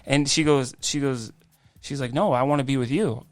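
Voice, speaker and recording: A man, a guest on a faith podcast, telling his life story in an animated way, acting out quoted dialogue. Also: medium pitch, moderate pace, no room sound, clean studio sound. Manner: frequent restarts and "I'm like" quoting.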